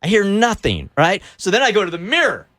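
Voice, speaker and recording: A middle-aged man hosting a radio show and telling a story in an animated, quick way. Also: high voice, background noise.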